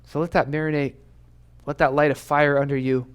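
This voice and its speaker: A young man preaches to students in an earnest, urgent way. He hammers home his point with repeated questions. His voice sits a little higher than most men's. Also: flat delivery, brisk, clean tone. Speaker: youth pastor. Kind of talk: sermon to students. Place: church youth room.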